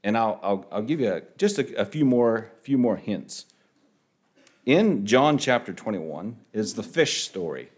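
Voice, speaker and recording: A man preaching a sermon, halting and repeating words, rising sharply on key phrases. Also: lowish voice, sing-song.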